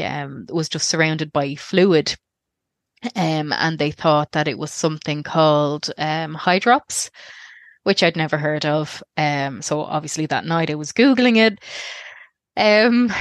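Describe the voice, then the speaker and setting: A low-pitched Irish woman in her thirties recounts her own experience as an interview guest. She talks candidly and rambles, breaking off and restarting her thoughts. The recording is dry and close. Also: no echo. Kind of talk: personal storytelling interview.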